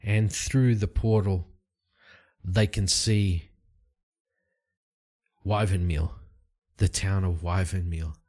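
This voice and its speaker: Slow, low-voiced man narrating a solo game. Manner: relaxed, rambling, with fillers. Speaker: solo tabletop game player and channel host. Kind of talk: casual solo RPG narration. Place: his study at home.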